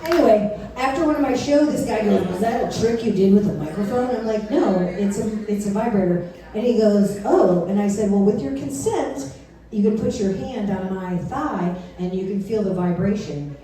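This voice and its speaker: A woman's voice: mid-range voice, normal speed, mellow. A woman doing a stand-up comedy set on a club stage, bawdy and acting out both sides of her stories, laughing at her own jokes. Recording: very echoey club, recorded from far off.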